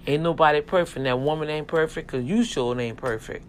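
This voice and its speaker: A slightly high male voice moves a little fast over slight background noise. In a folksy, emphatic style, this vlogger and self-publisher gives a preachy rant straight to camera, addressing his viewers and steering them toward God.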